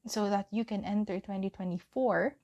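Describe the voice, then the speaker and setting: A young woman giving a pick-a-card tarot reading, gentle and encouraging, often giggling and saying um. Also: mid-range voice, steady tone, normal speed, dull audio. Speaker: tarot reader.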